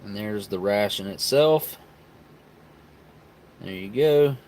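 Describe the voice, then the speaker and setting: A man's voice: on the low side, animated, slow pace, a little mellow. Laid-back man on a live stream. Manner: laid-back, rambling, reads viewer chat aloud. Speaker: live stream host reviewing military rations. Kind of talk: casual live-stream chat.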